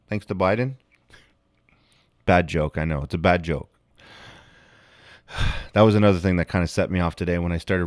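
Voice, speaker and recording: A man hosting a casual livestream, rambling and excitable, swearing often and breaking into animated outbursts. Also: low-pitched, dry recording, studio quality. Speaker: livestream host.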